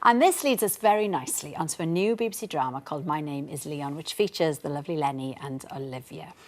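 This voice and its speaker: A woman hosting a live chat show, bubbly and quick to laugh. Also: deep voice. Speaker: TV show host.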